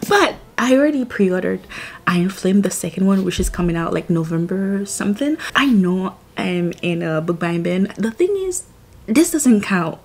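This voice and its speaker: A woman vlogging about her reading in casual chat, gushing and full of "like" fillers. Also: medium pitch. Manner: chatty, gushing, many "like" fillers. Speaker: book vlogger.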